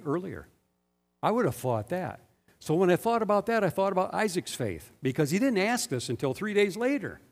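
A man's voice: fairly high pitch, darkish tone. A man preaching a sermon. He speaks emphatically and keeps asking the congregation rhetorical questions, and the recording has a long hall reverb. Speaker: pastor.

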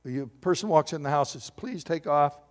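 A man preaching a sermon as pastor, animated and joking with his congregation. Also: a little high, brisk. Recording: long hall reverb.

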